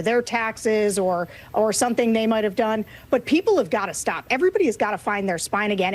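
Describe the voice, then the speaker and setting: A woman guest delivers political commentary. She sounds frustrated and earnest throughout. Her voice sits a touch high.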